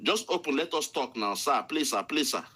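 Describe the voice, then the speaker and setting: A man's voice: mid-range voice, animated, brisk, bright, forceful tone, slightly rough. A man with a Nigerian accent voicing pleading male officers who beg at a gate, wheedling over and over. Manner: wheedling, repetitive pleading in pidgin.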